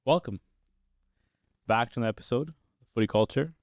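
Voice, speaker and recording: A man's voice: medium pitch, moderate pace, a little mellow, dry recording, studio quality. A young man hosting a casual football podcast, upbeat and steering the talk with questions. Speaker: podcast host. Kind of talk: casual sports chat.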